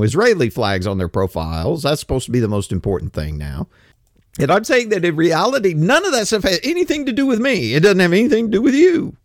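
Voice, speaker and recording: A man's voice: mid-range voice, no echo, studio quality. A man in his fifties delivering a blunt, opinionated monologue, ranting and swearing casually. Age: 50s.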